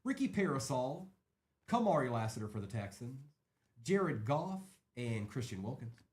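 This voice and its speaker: Host, male, animated casual delivery with lots of rise and fall, live card-break commentary. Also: medium pitch, moderate pace. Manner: lively, chatty, rattling off names.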